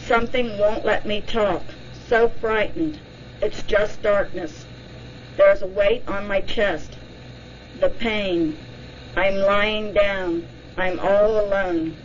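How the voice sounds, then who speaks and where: A woman's voice: mid-range voice, fairly even intonation, slow pace, highs cut off, slight background noise, close to an everyday voice. A woman reading as a fearful hypnosis subject. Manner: fearful, broken short phrases. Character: frightened woman trapped in darkness under hypnosis.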